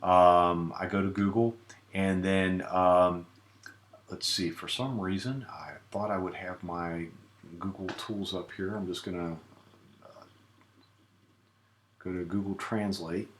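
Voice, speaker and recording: A man giving a relaxed screen-recorded software tutorial, with many filler sounds. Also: low-pitched, takes it slowly, long pauses, roomy sound, slight background noise. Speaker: tutorial presenter.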